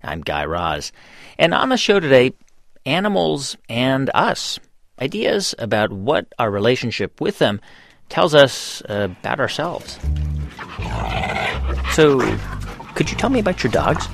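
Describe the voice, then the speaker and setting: A man's voice: medium pitch, very animated, measured pace, long pauses, fairly bright tone, soft background music. A man hosting a radio show, asking questions in a conversational, curious way. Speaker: radio host.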